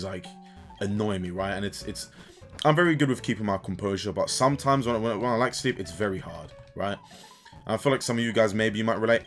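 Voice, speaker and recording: A young man in casual gaming commentary, an animated storyteller who swears and keeps tagging "right?" as he vents about coaching. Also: on the low side. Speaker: gaming YouTuber and kids' sports coach. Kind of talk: casual ranting commentary over gameplay.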